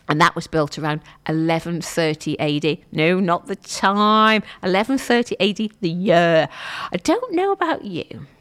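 A woman chats to her radio listeners in a playful, self-mocking way. Her voice sits at a middling pitch but moves around a lot, rising and falling as she talks. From Wales. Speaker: radio presenter. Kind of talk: chatty solo radio talk.

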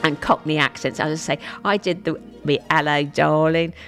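A woman's voice: low-pitched, brisk, a bit bright, soft background music. A woman presenting on the radio, chatting in a nostalgic, easygoing way and laughing easily. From England.

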